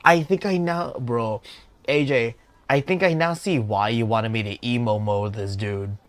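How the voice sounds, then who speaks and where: A young man streaming a game, commenting in a casual, excitable, slangy way and laughing at his own voicing. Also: mid-range voice, unhurried.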